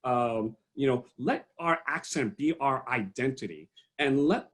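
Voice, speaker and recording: A middle-aged man giving a halting talk with many fillers and restarts, speaking on a video call. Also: mid-range voice, animated. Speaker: panel speaker. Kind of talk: online panel talk.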